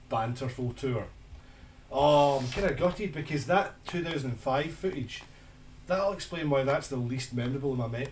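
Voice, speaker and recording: A man's voice: mid-range voice, slight background noise. A man casually commenting, wry and sweary, while reviewing old tour footage. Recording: roomy, distant mic under loud music.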